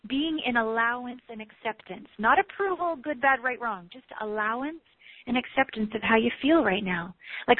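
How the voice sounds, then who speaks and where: A woman relationship coach giving a candid, animated motivational talk, swearing casually. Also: fairly high pitch, no echo. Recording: tinny phone-like sound.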